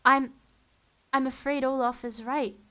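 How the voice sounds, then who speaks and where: A woman voicing a kind female judge who speaks gently and carefully. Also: on the high side, normal speed, natural voice.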